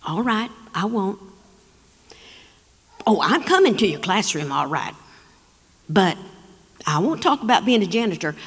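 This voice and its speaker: A woman voicing a gentle, proud janitor father with a baritone voice, in a live storytelling show. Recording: long reverb of a performance hall.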